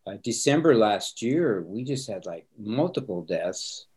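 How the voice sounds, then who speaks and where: A man's voice: lowish voice, big pitch swings, unhurried, a little mellow, breathy edge. A middle-aged man, a pastor, speaking earnestly and reflectively in a conversation, often repeating words as he starts sentences. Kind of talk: conversational interview answers.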